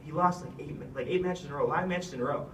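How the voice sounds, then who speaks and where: A retiring wrestler, a young man, gives an earnest, heartfelt thank-you speech as a farewell, rambling and using fillers. His voice is a little high and quick, recorded off-mic from a distance in an echoey room with slight hiss or hum.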